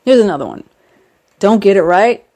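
A woman's voice: expressive, moderate pace, dark tone, faint music behind. A middle-aged woman in a rambling, jokey casual monologue, her voice jumping up for emphasis. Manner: rambling, jokey, with sudden rises in pitch for emphasis. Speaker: vlogger.

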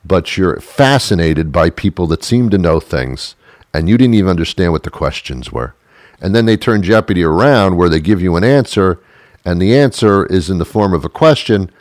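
Host, male, very low voice; rambling sarcastic stand-up-style rant, dry close sound. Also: animated, moderate pace, no echo. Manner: rambling, sarcastic, laughs at his own jokes. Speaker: show host. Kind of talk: comedic monologue.

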